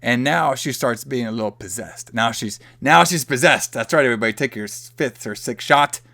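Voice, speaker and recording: A man's voice: medium pitch, fairly quick, vocal fry, pushed and bright, no echo. A man hosting a podcast, loosely and profanely retelling a movie plot in casual chat. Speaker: podcast host.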